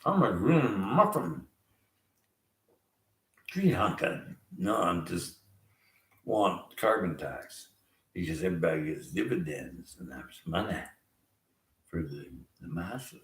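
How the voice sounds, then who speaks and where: A man's voice: sits low, sing-song, takes it slowly, pauses often. A man on a rambling political rant, sarcastic and chuckling often, recorded in an echoey room. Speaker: vlogger.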